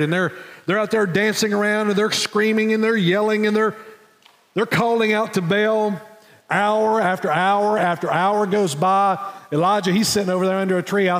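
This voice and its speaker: A man with a high voice preaches in a church sanctuary, his words trailing into a long hall reverb. He tells the story with dramatic pauses and restarts, often repeating words. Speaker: pastor. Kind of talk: sermon.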